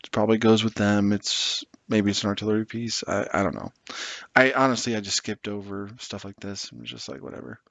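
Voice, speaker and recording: A man's voice: on the low side, brisk, vocal fry, a bit bright, no echo. A man rambling sarcastically and with exasperation as he builds a tabletop wargame army list, swearing now and then. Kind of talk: casual commentary while building an army list.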